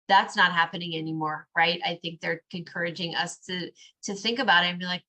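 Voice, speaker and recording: A woman hosting a podcast, talking earnestly in casual conversation and turning animated when she quotes children. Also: fairly low pitch, a little fast, few pauses. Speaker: podcast host.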